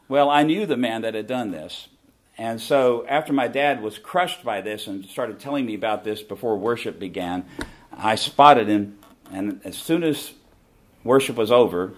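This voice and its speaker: A middle-aged man with a Southern American accent, giving an emphatic preaching talk and repeating his key phrases. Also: on the low side. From southern United States. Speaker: conference speaker.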